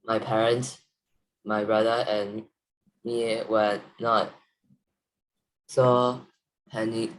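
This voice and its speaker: A male student reading a text aloud in a halting, even way during an online lesson over a video call. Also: lowish voice, rough recording.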